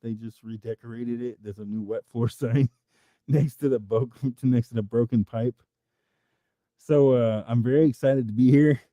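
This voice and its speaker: A man's voice: mid-range voice, fairly even intonation, normal speed, dark tone, no room sound, studio quality. A man hosting a livestream, reading chat and riffing through improvised comic rambles that swear freely.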